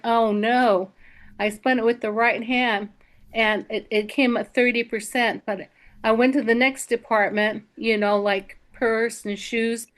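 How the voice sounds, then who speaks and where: A woman's voice: fairly high pitch, fairly bright tone. An older woman reverend giving spiritual readings and telling a story in a chatty, reassuring way, often restarting her words.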